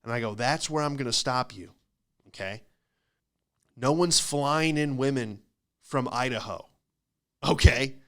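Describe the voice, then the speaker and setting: A young man hosting a comedy podcast, telling a rambling, profane story and acting out the quick back-and-forth of what people said. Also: mid-range voice, a bit bright.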